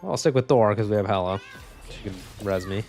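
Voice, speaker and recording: Laid-back low-voiced male gamer. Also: fast talker, darkish tone, soft background music. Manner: laid-back, chatty, swears freely. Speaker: gaming streamer. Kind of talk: casual chat while streaming gameplay.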